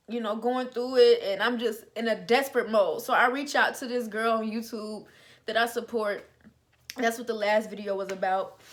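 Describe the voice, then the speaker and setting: A young adult woman telling a personal faith testimony in an informal, conversational way, with plenty of fillers. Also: medium pitch. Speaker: vlogger sharing a testimony.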